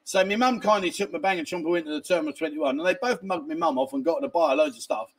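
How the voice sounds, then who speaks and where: A high-pitched man with a rough, creaky edge to his voice hosts a laid-back livestream. He reads viewer messages aloud and answers in a rambling, chatty way. He swears casually and often restarts his sentences. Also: lively intonation, very fast. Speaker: livestream host reading viewer chat. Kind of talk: casual live chat. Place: a family home in a village, indoors.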